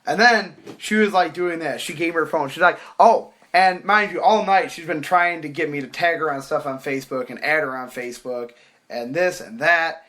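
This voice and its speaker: Animated young man telling a story. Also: fairly high pitch, normal speed. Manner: animated, acts out quoted voices, swears casually. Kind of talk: casual podcast storytelling.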